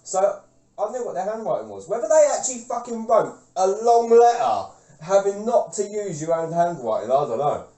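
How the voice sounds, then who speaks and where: A man's voice: high-pitched, big pitch swings, normal speed, mellow, far from the mic. A man co-hosting a casual podcast, telling stories with lots of swearing and laughter. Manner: swears often, laughs through his stories. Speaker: podcast co-host. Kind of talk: casual chat. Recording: echoey room, voice off-mic.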